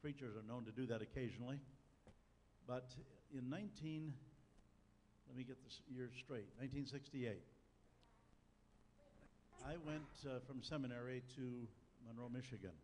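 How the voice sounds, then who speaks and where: A man's voice: mid-range voice, normal speed, a little mellow, a little hiss or hum. An older man preaching a sermon, telling a personal story in a folksy way with dry humor. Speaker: pastor. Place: church sanctuary. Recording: long church hall reverb, faint ambience.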